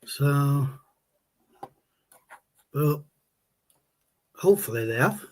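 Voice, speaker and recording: A man's voice: on the high side, animated, drawn-out words, darkish tone. A man, hosting a casual livestream and rambling as he answers viewer chat. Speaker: livestream host.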